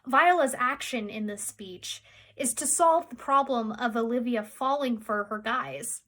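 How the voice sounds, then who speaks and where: A young theatre student lays out her analysis of a speech. She explains it step by step with the odd filler. Her voice is high and her pace is calm and slow. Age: young adult. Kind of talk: academic analysis.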